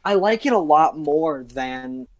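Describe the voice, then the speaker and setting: A woman with a notably low voice that still moves around a lot in pitch, lively rather than monotone. She talks bluntly in a casual movie podcast, swearing freely and pressing her points with emphasis. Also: slow pace, crowd noise. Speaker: podcast co-host. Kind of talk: casual film discussion.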